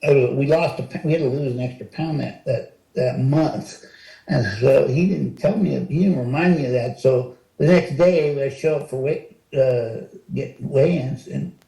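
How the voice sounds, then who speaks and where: A man in his sixties, an interview guest, telling stories in a lively, animated way and jumping higher when he acts out what was said. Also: unhurried, creaky. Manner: animated storyteller, acts out quotes with rising pitch. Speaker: interview guest, retired wrestler. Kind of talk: casual storytelling interview. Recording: roomy echo.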